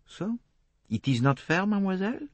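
A man reading aloud and voicing a gentle foreign detective who speaks softly with foreign-inflected phrasing. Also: lowish voice, wildly swooping pitch, normal speed, husky, no echo, heavily acted.

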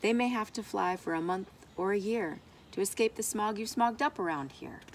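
A woman's voice: mid-range voice, normal speed, a little hiss or hum, lightly acted. A woman reading aloud voices a cross little male forest creature who scolds in a snappish way. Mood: scolding.

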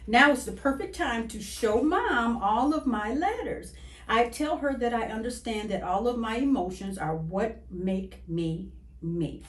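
Woman, children's story reader, slow and lilting, echoey room. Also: on the high side. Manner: expressive, sing-song storybook reading. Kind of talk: reading a picture book aloud to children.

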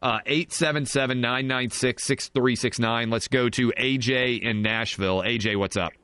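A man's voice: medium pitch, steady tone, normal speed, sharp tone, clear, resonant tone, dry recording. A man hosting a sports talk radio show, riffing sarcastically and in mock outrage.

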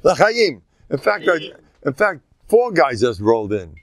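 A man's voice: medium pitch, big pitch swings, moderate pace. An older man, a rabbi giving an informal Torah talk, folksy and joking, sprinkling Yiddish and Hebrew words and jumping between teaching and banter.

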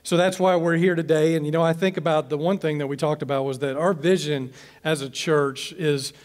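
A man's voice: on the high side, steady tone, a little fast, in a large hall. A man, a pastor giving an informal, rambling talk to church leaders and often restarting his phrases.

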